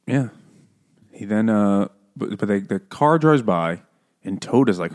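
A man's voice: on the low side, lively intonation, unhurried, a little mellow. A man co-hosting a podcast, joking crudely and playfully while recapping a book. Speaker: podcast co-host. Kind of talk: casual book discussion.

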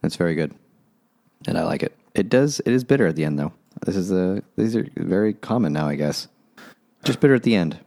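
Low-voiced chill guy rambling about a book and beer, jokey. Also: lively intonation, fairly quick, gravelly, warm tone. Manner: laid-back, joking, rambling with restarts. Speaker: podcast host. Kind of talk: casual book chat over beers.

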